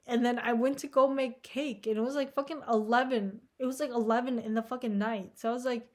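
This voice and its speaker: A woman's voice: on the high side, steady tone, brisk, few pauses, darkish tone. A young woman vlogging in a casual, rambling monologue, anxious and self-deprecating, filling her talk with "like" and swearing. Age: young adult. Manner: rambling, heavy "like" filler, frequent swearing.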